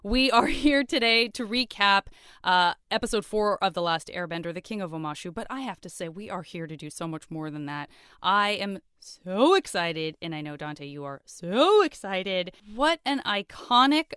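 A woman's voice: medium pitch, animated, moderate pace, fairly bright tone, clean tone, no echo, clean studio sound. A middle-aged woman co-hosting a podcast in a playful, bubbly casual chat. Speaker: podcast co-host.

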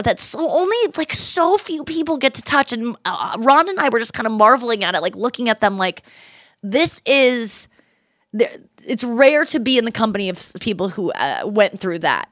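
A woman in her thirties hosting a podcast, telling stories in a casual, animated way and quoting people in her own voice. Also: fairly high pitch, normal speed, no room sound, clean studio sound. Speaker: podcast host. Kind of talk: casual chat.

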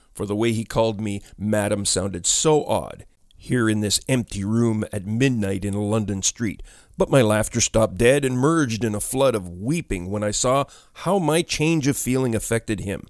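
A male narrator tells a classic ghost story in a measured, expressive voice. His pitch sits low, and the recording is dry and close-miked. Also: dry recording.

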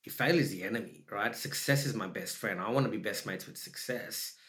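Man, Australian accent, animated, emphatic, candid storytelling, echoey room. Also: fairly low pitch, a little fast. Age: adult with young children. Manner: animated, emphatic, acts out his own inner dialogue. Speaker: actor and podcast guest. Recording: roomy echo.

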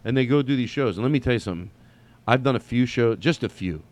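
A man's voice: medium pitch, lively intonation, quick pace. A man hosting a solo comedy podcast, talking casually and rambling with restarts and swearing.

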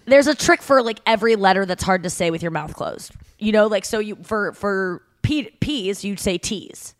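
Female podcast co-host, mid pitch, loose chatty delivery, reads trivia aloud. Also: normal speed. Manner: chatty, reading out fun facts and posts. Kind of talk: casual podcast chat.

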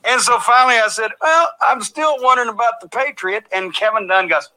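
Profane, bright-voiced older man telling stories. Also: extremely high pitch, brisk, few pauses, slight background noise, rough recording. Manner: animated, swears constantly, acts out quoted lines. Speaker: storyteller recounting wrestling backstage days. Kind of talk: profane anecdote.

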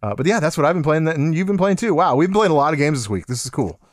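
Animated man chatting about games. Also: a little high, quick pace, no echo, studio quality. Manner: animated, laughing, mimics voices in quotes. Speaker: podcast co-host. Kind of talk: casual gaming chat.

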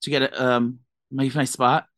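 Woman cohost, low voice, rambly and jokey, dry close mic. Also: level tone, normal speed, no echo. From New Jersey. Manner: joking, rambling, lots of fillers. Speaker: podcast co-host. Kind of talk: casual chat.

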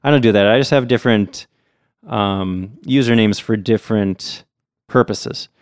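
A man's voice: fairly low pitch, unhurried, clear, resonant tone, dry recording, clean studio sound. A man hosting a podcast in casual chat, talking in a friendly, chatty way. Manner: friendly, chatty, hedging with fillers. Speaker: podcast host.

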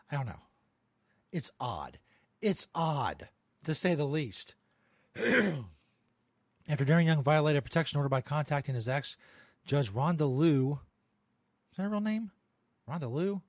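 A man's voice: medium pitch, breathy edge, no room sound. Swearing, laughing man hosting a podcast. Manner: laughs often, swears, rambling asides. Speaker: podcast host. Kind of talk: casual chat reading odd news.

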